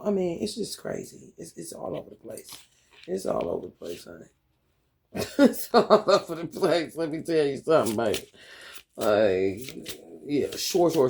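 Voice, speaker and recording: Gravelly, blunt woman tarot reader. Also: lowish voice, warm tone. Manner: blunt, profane, emphatic, often laughing. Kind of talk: casual spiritual tarot reading vlog.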